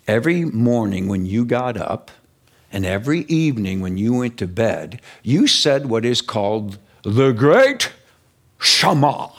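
A man preaching a sermon in an animated, emphatic way, stretching key words out slowly for weight. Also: medium pitch.

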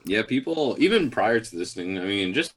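A man's voice: lowish voice, very animated, normal speed, a bit bright. A man co-hosting a podcast, chatting in a blunt, profane, jokey way. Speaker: podcast co-host. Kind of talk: casual chat.

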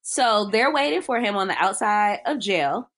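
A woman's voice: medium pitch, animated, normal speed, fairly bright tone. A young woman co-hosting a casual chat, recapping a film with lots of fillers and giggles. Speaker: podcast co-host.

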